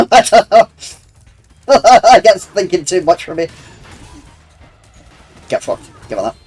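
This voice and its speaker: Sweary young streamer. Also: male voice, high voice, big pitch swings, slow, a little mellow, breathy edge. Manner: crude, sweary banter with chat; rambling, laughs often. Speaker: game streamer. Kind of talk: casual gaming stream chat. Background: faint game music.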